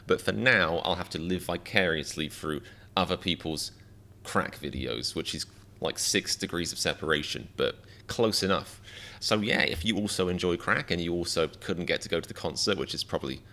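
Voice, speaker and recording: A man streaming live reactions, rambling and self-mocking with quick jokes. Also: low-pitched, pushed and bright.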